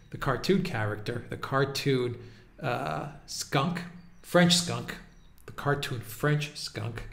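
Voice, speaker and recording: A man's voice: mid-range voice, vocal fry, echoey room. A man hosting a casual commentary video, mocking and exasperated as he talks, often breaking into laughter. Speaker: political video host.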